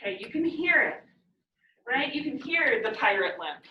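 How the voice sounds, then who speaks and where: Woman teacher, bright slightly high voice, patient step-by-step explainer, caught from a distance. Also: sing-song, lo-fi sound, a little hiss or hum. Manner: patient, repeats definitions slowly. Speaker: poetry teacher. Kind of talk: classroom lesson. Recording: echoey room, mic far off.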